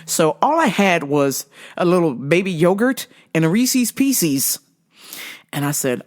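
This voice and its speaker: A woman's voice: low-pitched, expressive, slow pace. A woman hosting a podcast, telling a comic story in a casual, profane way, acting out her own reactions and laughing often. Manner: laughs often between lines. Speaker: podcast host.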